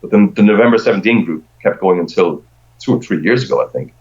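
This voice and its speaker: A middle-aged man speaks in a very low register, chatting loosely and circling back over his own words as he goes. The recording sounds dull and lo-fi. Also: quick pace, a little mellow. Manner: rambling, with frequent repeated words and restarts. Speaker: podcast guest. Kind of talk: casual conversation.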